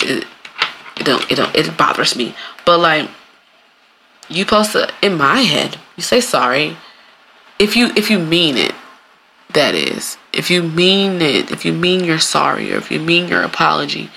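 Podcast host, solo monologue, casual, gravelly, bright tone, swears freely, animated, acts out quotes. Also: medium pitch, moderate pace, slight background noise. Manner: acts out quoted apologies in playful voices.

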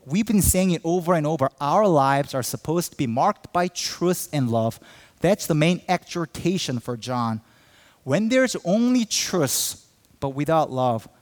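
A man's voice: fairly high pitch, big-room sound. A man pastor preaching a sermon earnestly, acting out quoted believers with a raised voice.

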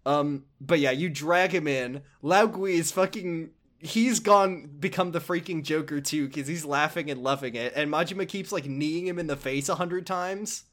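A man casually recapping a video game plot with a co-host, excitable and often laughing. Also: on the high side, normal speed, hardly any pauses. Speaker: podcast co-host.

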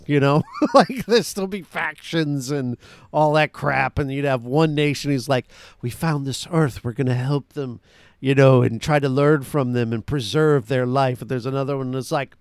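A joking, animated podcast host, a man with a somewhat high voice who throws in quick asides. The sound is close and dry. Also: creaky, no echo. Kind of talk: casual chat.

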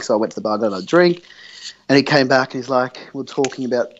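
Young man, chatty storyteller, mid pitch, lo-fi mic. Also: fast. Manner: rambling, acts out quoted dialogue, swears freely. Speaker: podcast co-host. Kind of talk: casual storytelling chat. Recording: dull lo-fi recording.

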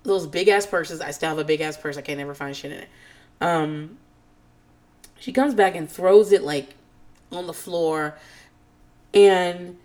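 Recapping reality-show drama on her podcast, a woman chats casually at a quick, loose clip, cursing often and describing herself as a nervous, on-edge person. Her animated delivery swings between low, muttering asides and shrill, squealing impressions of the people involved.

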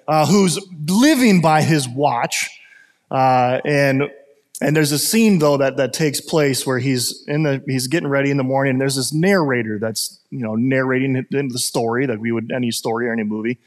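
A man's voice: a little high, in a large hall. A man preaching a sermon as pastor, talking conversationally and telling stories with many fillers and restarts.

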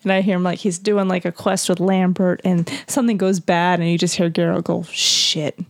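A woman's voice: fairly low pitch, flat delivery, fairly quick, vocal fry, a little mellow. A woman co-hosting a casual podcast, talking about video games with enthusiasm and lots of fillers. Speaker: podcast co-host. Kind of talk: casual game chat.

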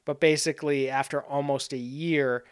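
A man's voice: mid-range voice, steady tone, moderate pace, clean tone. A man hosting his own podcast, reviewing a film in a loose, conversational way with frequent fillers. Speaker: podcast host. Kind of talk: casual spoken film review.

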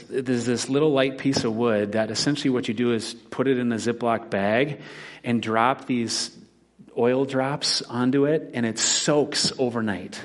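A man in his forties preaching from the pulpit in an easy, conversational way. He weaves scripture together with everyday stories from his own life, and his voice sits at an ordinary middle pitch. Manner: conversational preaching with personal anecdotes. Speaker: pastor. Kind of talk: sermon.

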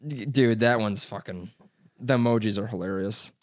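A man's voice: on the low side, normal speed, no room sound, clean studio sound. A young man with a stuffy nose, co-hosting a podcast in casual, rambling chat, swearing and laughing often. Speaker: podcast co-host.

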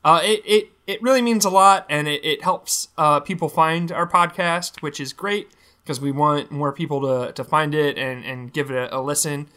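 Bright-voiced, high, excitable podcast man. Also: moderate pace. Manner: enthusiastic, swears freely. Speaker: podcast co-host. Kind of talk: casual podcast chat.

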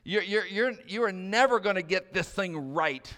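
A man voicing a taunting accuser that hurls condemnation in a loud, jeering, repetitive way. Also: sits high, normal speed, long reverb tail, pitched above the performer's own voice.

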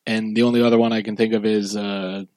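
Relaxed man hosting a horror podcast. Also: lowish voice, fast talker, dry recording. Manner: relaxed, filler-heavy with frequent "uh". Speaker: podcast co-host. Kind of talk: casual podcast chat.

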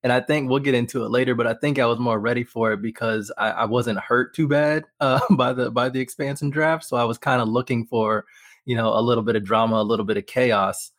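A man's voice: mid-range voice, steady tone, fairly quick, fairly bright tone. A man joining a podcast as a guest over a remote call, talking in an easygoing way with small laughs. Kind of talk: casual podcast chat.

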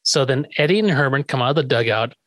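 A man co-hosting a podcast, chatting casually and in an animated way about a TV episode. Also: mid-range voice, fast, no echo. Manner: animated, acts out lines from scenes. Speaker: podcast co-host recapping a TV episode. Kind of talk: casual chat.

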